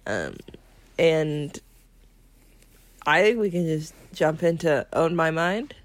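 A woman co-hosting a podcast, chatting casually. Her voice sits a little low, and the sound is dry and close. She hesitates often and fills pauses with soft fillers, with a giggly looseness. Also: very animated, dry recording. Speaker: podcast co-host. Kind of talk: casual chat.

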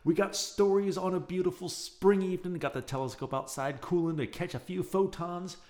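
A man's voice: high voice, moderate pace, darkish tone. A male podcast host chatting and reading a serialized story aloud, with chatty asides. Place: home, near an open window.

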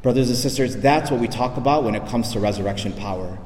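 A male priest delivering an emphatic sermon, dropping his voice low and soft on key lines. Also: fast, a little hiss or hum. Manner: emphatic preaching, drops low and soft for weight. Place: church. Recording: echoey church reverb.

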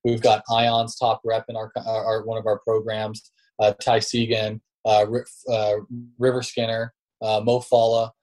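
A man's voice: on the low side, monotone, a little slow, darkish tone. A man guesting on a podcast as a sales leader, telling stories in a loose, slangy way. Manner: laid-back, slangy, says bro and dude. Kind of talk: casual storytelling interview talk.

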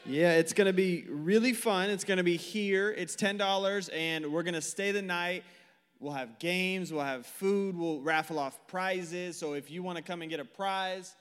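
A man's voice: sits high, moderate pace, fairly bright tone, smooth. A man in his twenties giving a casual youth sermon on a stage mic, chatty and joking, full of fillers and questions to the crowd. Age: 20s. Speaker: youth pastor. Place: church hall, speaking to a live group. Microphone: handheld or stage mic. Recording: long hall reverb.

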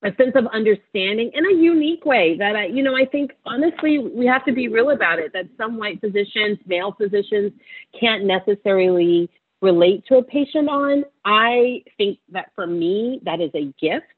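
A woman's voice: medium pitch, lively intonation, moderate pace, breathy edge. Teary passionate woman doctor on a phone line. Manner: passionate, warm-hearted, preaching encouragement. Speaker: physician. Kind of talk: interview answer, emotional testimony.

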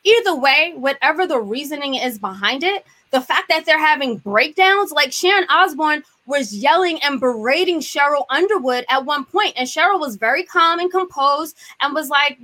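A woman with a high, bright voice giving her view on a panel. She talks with energy and emphasis and sounds frustrated. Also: lively intonation, normal speed, few pauses. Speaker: panel guest. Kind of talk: casual panel discussion.

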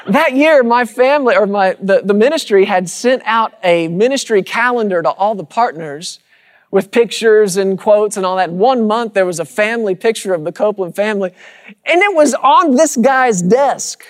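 A man's voice: high-pitched, normal speed. A man preaching a sermon to a congregation, using rhythmic repetition and calling out to the listeners. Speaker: pastor. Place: church sanctuary with congregation.

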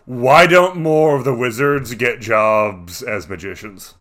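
A man's voice: mid-range voice, slow, a bit bright. A man in casual chat about a tabletop game, thinking aloud with lots of restarts. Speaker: tabletop game podcast co-host.

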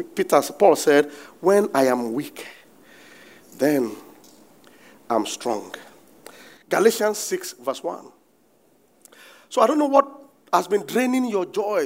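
A Nigerian man in middle age delivers a sermon with a high voice. His pitch leaps and dips all over the place as he preaches. He bursts into shouts and laughter between points. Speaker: pastor.

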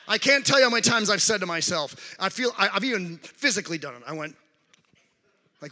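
A man preaching a sermon as a guest speaker, calling out questions to the congregation and animated in delivery. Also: high-pitched, brisk, in a large hall. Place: church sanctuary.

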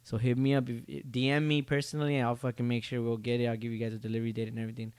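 A man's voice: mid-range voice, little pitch movement, very fast, darkish tone, clear, resonant tone, no echo. A young man hosting a solo podcast, rambling casually with lots of swearing and jokes. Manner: profane, rambling, joking. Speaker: podcast host.

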